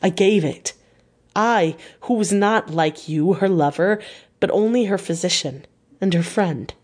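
A solemn elderly male professor, voiced by a woman reader in an audiobook. He speaks in a low, formal, measured way, stern yet full of pity. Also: darkish tone. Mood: pleading. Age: older. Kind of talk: audiobook character reading.

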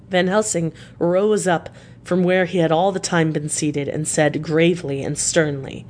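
A woman with a fairly low voice narrates a classic novel in steady, measured scripted storytelling. Her reading is calm and even. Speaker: audiobook narrator.

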